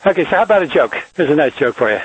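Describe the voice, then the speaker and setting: A man's voice: fairly high pitch, big pitch swings, very fast, husky, no room sound, muffled recording. A man in his fifties, a locksmith, telling dry jokes in a rambling monologue full of fillers into a small handheld recorder. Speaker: locksmith podcaster. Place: driving a van, then hiking outdoors. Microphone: small handheld digital voice recorder.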